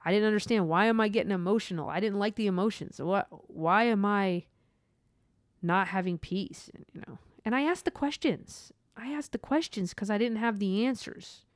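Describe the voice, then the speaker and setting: A woman's voice: mid-range voice, no room sound, studio quality. A woman hosting her own faith podcast, talking in an earnest, rambling way with lots of asides. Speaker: podcast host. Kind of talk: personal faith podcast monologue.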